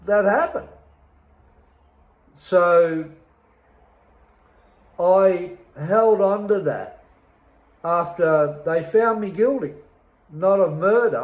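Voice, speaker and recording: In personal testimony recorded in an echoey bare room, a middle-aged man with an Australian accent recounts his life. He's slow, deliberate, and bitter, pausing often and stressing his words, his slightly mellow voice a little higher than typical for a man.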